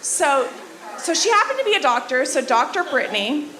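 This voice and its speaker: A woman's voice: sits high, big pitch swings, normal speed. A young woman performing a stand-up comedy set in a club, telling a dating story in a chatty, conversational way and talking with the crowd. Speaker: stand-up comic. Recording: echoey club room with faint noise.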